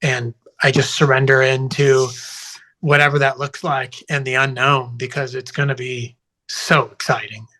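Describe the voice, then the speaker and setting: A man appearing as a guest on a spiritual podcast, speaking earnestly in a bright, forward tone. His pitch barely moves as he talks about what lies ahead with gentle enthusiasm. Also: flat delivery, moderate pace. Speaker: guest, breathwork teacher. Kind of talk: casual spiritual conversation.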